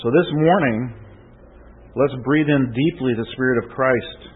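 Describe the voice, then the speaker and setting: A man's voice: medium pitch, a little slow, phone-quality sound, a little hiss or hum. A male pastor delivering a conversational sermon that swells into emphatic preaching, often checking in with "okay?" and "right?".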